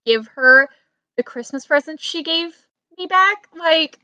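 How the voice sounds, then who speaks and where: High-voiced young woman, animated storyteller. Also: measured pace, a crowd in the background. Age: young adult. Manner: animated storytelling, swinging to loud exclamations. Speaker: college student telling a story. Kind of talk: casual chat. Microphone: video call.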